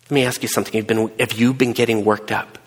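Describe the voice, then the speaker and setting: Middle-aged man, pastor preaching, husky voice, long hall reverb, storytelling, hushed then emphatic. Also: lowish voice, fairly even intonation, fast talker. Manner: personal storytelling, emphatic, swings between hushed and raised. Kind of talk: sermon.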